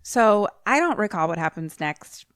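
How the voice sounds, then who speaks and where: A woman's voice: mid-range voice, sing-song, moderate pace, smooth, no echo, clean studio sound. A woman co-hosting a podcast in casual chat, rambling as she recaps a film and breaking into raised voices when she quotes characters. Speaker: podcast co-host.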